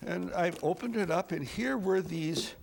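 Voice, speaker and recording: An older male TV weatherman tells a funny story from the studio. His voice is gravelly and a bit high for a man, and his delivery is wry and chuckling. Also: a little slow, a little hiss or hum. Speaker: TV weatherman and host. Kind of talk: humorous anecdote storytelling.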